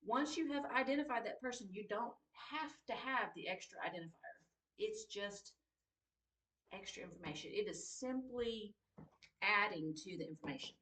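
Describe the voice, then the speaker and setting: A woman's voice: mid-range voice, expressive, moderate pace, fairly bright tone. A woman teaching a writing class, patiently repeating key points and checking that her students understand. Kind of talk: classroom grammar lesson. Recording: roomy echo, distant mic.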